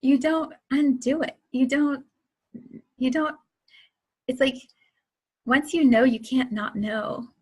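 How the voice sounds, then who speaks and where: A woman's voice: sits high, slow pace, long pauses, breathy edge. A woman in her forties hosting a casual spiritual talk, chatty and laughing often as she tells stories. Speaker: host.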